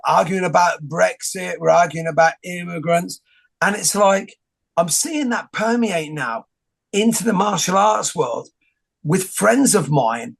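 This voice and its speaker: Gravelly, higher-pitched male host. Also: measured pace. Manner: rambling, joking, many restarts. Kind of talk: casual conversation.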